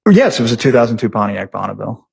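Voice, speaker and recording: A man, a police investigator, testifying in a courtroom, talking quickly and rambling with many fillers and self-corrections. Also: fairly low pitch, sing-song, gravelly, slightly rough.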